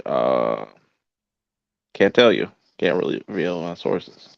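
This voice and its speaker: A man's voice: very deep voice, lively intonation, normal speed, creaky, no room sound, muffled recording. A man co-hosting a casual live-stream chat, laid-back and throwing in joking asides. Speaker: podcast co-host.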